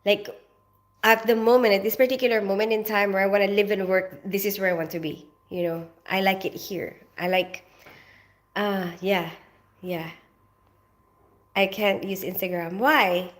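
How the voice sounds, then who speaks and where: A woman's voice: medium pitch, a bit bright. A middle-aged woman from the Philippines, hosting a casual livestream from her kitchen and greeting viewers by name as she chats. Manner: chatty, reads out viewer comments and greets them by name. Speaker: livestream host. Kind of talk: casual live chat. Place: home kitchen.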